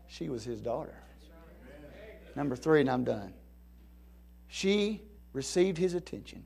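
High-voiced preacher man, swelling and hushing. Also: gravelly. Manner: rising to near-shouting peaks of preaching fervor, then dropping low and soft. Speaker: pastor. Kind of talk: sermon.

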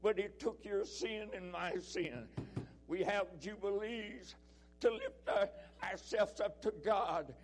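Male preacher, high voice, emphatic delivery that swings loud and soft. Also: takes it slowly. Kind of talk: sermon.

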